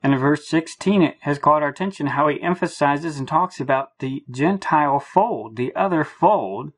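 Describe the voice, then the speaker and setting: A man giving an earnest Bible teaching, slow and emphatic, repeating his phrases for weight. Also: fairly high pitch, breathy edge. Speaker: preacher.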